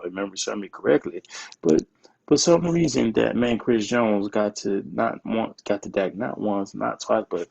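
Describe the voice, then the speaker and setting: A man's voice: fairly low pitch, creaky, a little mellow, muffled recording. A man co-hosting a casual sports podcast, teasing and trash-talking with frequent laughs. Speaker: podcast co-host.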